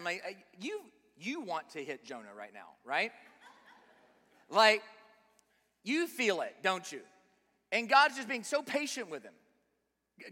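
A man's voice: high-pitched, bright, forceful tone. A man preaching a sermon, speaking emphatically and often putting rhetorical questions to his listeners. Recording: long reverb of a large hall.

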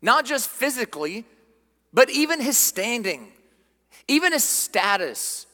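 Southern preacher in a reverberant hall. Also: male voice, very high voice, very animated, unhurried. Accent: Southern American. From American South. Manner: earnest preaching, dropping to hushed tones for emphasis. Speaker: pastor. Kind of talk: sermon. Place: church sanctuary.

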